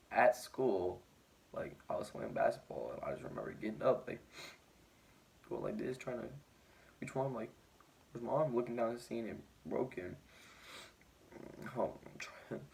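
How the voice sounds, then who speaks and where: A man's voice: fairly low pitch, creaky. A teenage boy vlogging, telling his story in a rambling way with lots of "like" fillers, sounding injured and shaken. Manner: rambling, heavy use of "like" fillers. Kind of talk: casual storytelling to camera.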